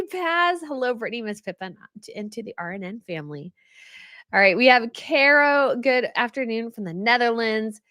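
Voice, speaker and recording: A woman's voice: mid-range voice, fairly bright tone, dry recording, studio quality. A woman hosting a royal news livestream, chatting casually and reading viewer comments, rambling and laughing often. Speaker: royal news channel host.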